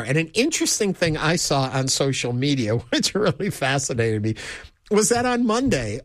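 Male call-in radio co-host, conversational, fairly high pitch, dry booth. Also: no echo. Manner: conversational, thinks aloud, invites listeners to call. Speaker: radio talk show co-host. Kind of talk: call-in talk radio chat.

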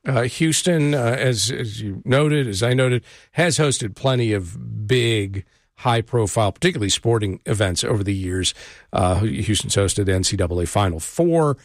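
A man hosting a public radio interview show, speaking in a measured way with frequent "uh" pauses into a studio microphone. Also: on the low side, dry recording. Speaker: radio talk show host.

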